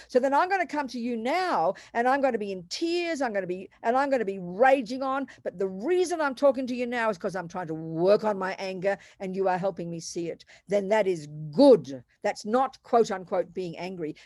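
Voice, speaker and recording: Woman, Buddhist nun teacher, emphatic and direct, dry close mic, medium pitch. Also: darkish tone, dry recording. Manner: emphatic, direct, calls people sweetheart. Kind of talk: teaching and answering questions.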